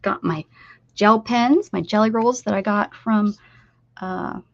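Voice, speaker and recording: A woman's voice: mid-range voice, takes it slowly, vocal fry, no echo. A woman from Pennsylvania hosting a casual art livestream, chatting directly to her viewers while drawing and sometimes dropping into a whisper. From Pennsylvania, USA. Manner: chatty, talks straight to viewers, drifts into whispers. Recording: slightly dull lo-fi stream audio.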